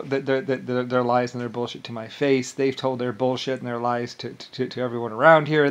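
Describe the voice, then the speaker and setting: A man's voice: mid-range voice, steady tone, fairly quick, few pauses, highs cut off. A man delivering an angry, rambling monologue, swearing often, repeating himself and restarting his sentences. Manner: profane, repetitive, ranting with many restarts. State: agitated and angry. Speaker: vlogger.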